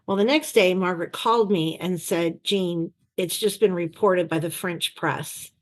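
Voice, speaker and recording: Woman telling a lively anecdote. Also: on the low side, a little slow. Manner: animated storyteller who acts out quoted voices. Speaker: interview guest. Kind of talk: anecdotal storytelling. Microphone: video call.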